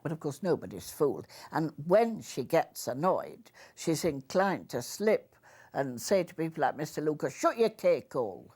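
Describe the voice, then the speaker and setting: An older woman from Northern England, an actress, telling stories from her career in an animated conversation and laughing often. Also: deep voice. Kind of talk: reminiscing conversation.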